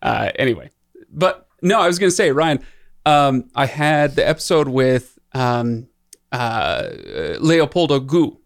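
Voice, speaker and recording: A man's voice: medium pitch, measured pace, dry recording. Guy hosting a podcast in a studio, rambly and self-deprecating, a bit under the weather, dry close sound. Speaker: podcast host. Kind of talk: casual chat.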